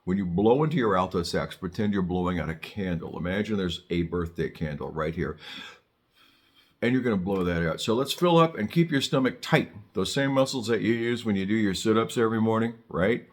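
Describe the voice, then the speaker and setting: A man's voice: on the low side, a little fast. An older man teaching saxophone in a casual, joking way, often restarting his sentences and adding wry asides. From Southern California. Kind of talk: casual on-camera music lesson.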